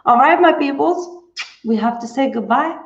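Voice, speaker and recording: A woman's voice: high voice, lively intonation, moderate pace. A woman dance teacher chatting on a live stream after class, bubbly and chatty, thanking viewers by name. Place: indoors at home. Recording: echoey room, dull lo-fi stream audio.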